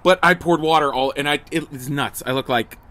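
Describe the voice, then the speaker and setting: A man's voice: fairly high pitch, a little fast, bright, forceful tone. A middle-aged man, a comedian hosting a daily livestream, chatting casually and jokily to viewers, rambling with restarts and asides, recorded on a phone outdoors. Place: outdoors at a table beside a house. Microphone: phone on camera.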